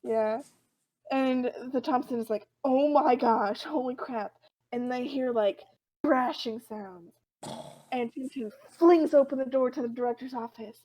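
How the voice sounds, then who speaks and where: A woman's voice: fairly high pitch, measured pace, low-quality recording. Chatty young-sounding woman retelling a comic. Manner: animated storytelling, acting out characters' lines. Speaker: podcast co-host. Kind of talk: casual chat, retelling a comic.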